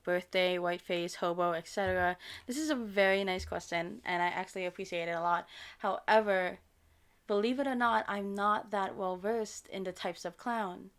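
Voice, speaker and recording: A woman's voice: mid-range voice, steady tone, normal speed, smooth. An American woman with a lisp and a slight Filipino touch to her accent, answering viewer questions in a casual, rambling way with many ums. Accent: American with a slight Filipino touch from her parents. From United States. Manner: rambling and hesitant, many ums and self-corrections. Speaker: ASMR creator.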